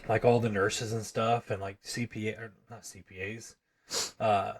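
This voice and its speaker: A man's voice: on the low side, flat delivery, normal speed. A man co-hosting a casual podcast, talking easily and laughing often. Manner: laid-back, laughs often. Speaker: podcast co-host. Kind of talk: casual chat.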